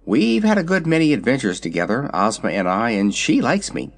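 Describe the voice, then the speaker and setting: A man's voice: mid-range voice, sing-song, brisk, creaky, faint music behind. A man voicing a proud, naive male wooden sawhorse in a storybook, cheerful and earnest. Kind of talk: storybook character voice.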